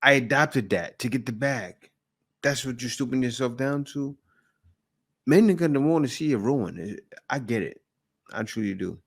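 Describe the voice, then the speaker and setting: Animated man reacting to clips. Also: medium pitch, moderate pace, slightly rough. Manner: animated, laughing, mimics voices mockingly. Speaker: reaction video host. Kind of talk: casual commentary reacting to clips.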